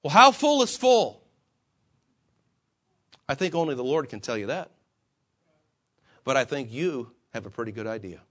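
A pastor's mid-range, sing-song, fairly bright voice carries his sermon at normal speed, with frequent pauses. He preaches to fellow believers, varying his emphasis, asking rhetorical questions and performing quotes from himself and the Lord.

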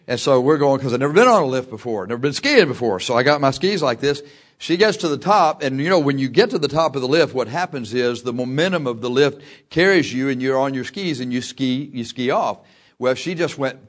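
A man preaching a sermon, telling a personal story with lively delivery, laughing often and shouting at the big moments. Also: mid-range voice, fairly quick.

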